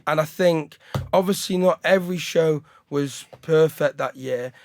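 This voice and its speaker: A male stand-up comedian, chatting in a rambling, excitable way, often breaking into laughter and shouts. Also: on the high side, measured pace, creaky, a little hiss or hum. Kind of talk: casual chat.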